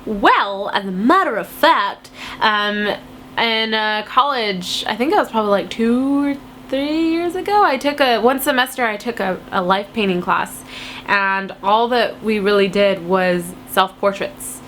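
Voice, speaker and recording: A woman's voice: medium pitch, expressive, measured pace, fairly bright tone, slight background noise. A woman in her twenties with a cold, chatting casually to camera as she answers viewer questions in a silly, playful way. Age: 20s. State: has a cold.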